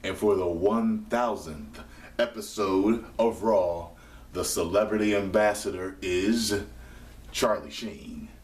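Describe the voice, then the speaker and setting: A fairly low-voiced man reacts live to a wrestling broadcast, swearing freely and jumping into loud, excited outbursts. He sits back from the microphone in a roomy, echoing space, so his voice carries a hollow ring. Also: slow pace, far from the mic. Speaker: wrestling show reviewer.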